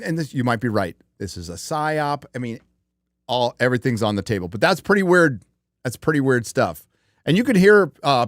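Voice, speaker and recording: A man's voice: mid-range voice, dry recording, clean studio sound. Rambling, profane male stream host. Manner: rambling and profane, with many fillers and restarts. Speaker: podcast host. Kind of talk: casual live-stream chat.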